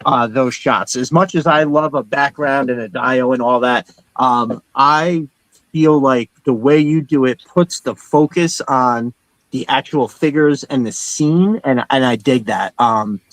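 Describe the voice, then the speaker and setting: A man's voice: medium pitch, a little slow, fairly bright tone, no room sound, rough recording. Middle-aged man, live-stream host, casual rambling chat, friendly greetings, dry close sound.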